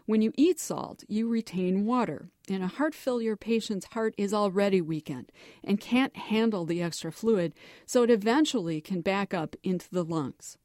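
Mellow-voiced woman radio reporter. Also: medium pitch, no room sound, clean studio sound. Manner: measured, explanatory. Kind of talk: scripted radio news report.

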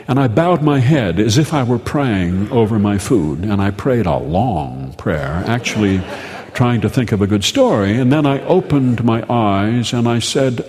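Deadpan male storyteller in a reverberant hall. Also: on the low side, a little slow. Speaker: host and storyteller. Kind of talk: humorous storytelling monologue.

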